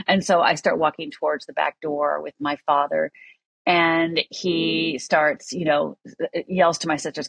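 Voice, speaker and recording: A woman's voice: deep voice, little pitch movement, moderate pace, gravelly, fairly bright tone, slightly rough, no echo. A middle-aged woman from Upper Michigan, telling a personal story as a podcast guest in an earnest, candid way with many fillers.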